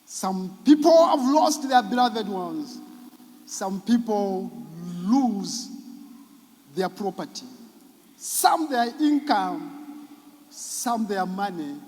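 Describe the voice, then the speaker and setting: A man, a psychologist giving an emotional, preaching-style talk at a church event. He moves between loud exclamations and very soft lines. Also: sits high, expressive, slow pace. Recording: reverberant hall.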